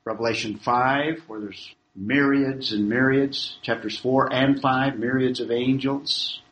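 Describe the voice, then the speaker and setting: A man's voice: mid-range voice, fairly even intonation, a bit bright, slight background noise, low-quality recording. Man teaching a Bible lecture. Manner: measured, explanatory, reads scripture aloud. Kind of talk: classroom lecture.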